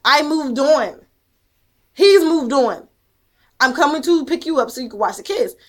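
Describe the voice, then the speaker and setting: A woman with a high-pitched voice tells a personal story in an emphatic, heated way. She swears freely and drives each point home with "okay?". Her delivery is raw and conversational. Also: expressive, measured pace. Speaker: mother telling a personal story. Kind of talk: emotional first-person storytelling.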